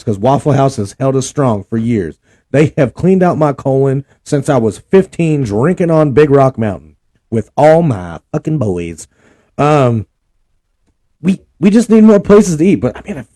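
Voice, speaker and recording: A man's voice: a little high, dark tone. A young man, ranting and cussing in a casual vlog. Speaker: vlog host. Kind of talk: casual profane rant.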